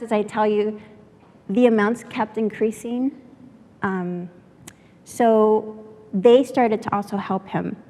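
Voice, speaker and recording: A woman from San Antonio, Texas, telling a personal story as a workshop speaker. She speaks from the heart and pauses with fillers. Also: medium pitch, a little mellow, in a large hall. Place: lecture room at a workshop.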